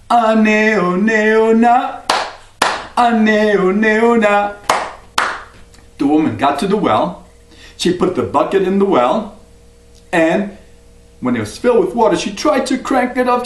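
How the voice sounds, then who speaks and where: A male storyteller tells a folk tale in a high, expressive voice that swings widely in pitch. The sound is roomy, with the mic some way off. He sings short refrains between the narration. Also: distant mic, a little hiss or hum.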